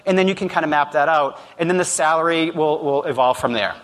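High-voiced man giving a talk. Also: fast talker, fairly bright tone, long reverb tail. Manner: conversational storytelling with direct address. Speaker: speaker. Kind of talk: motivational talk.

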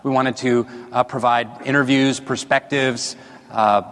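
A man's voice: mid-range voice, fairly even intonation, measured pace, a bit bright. A man giving a stage talk to an audience, rambling and self-deprecating, joking with the crowd, on a body mic. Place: stage in a large hall. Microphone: wearing a body mic. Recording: long reverb of a large hall.

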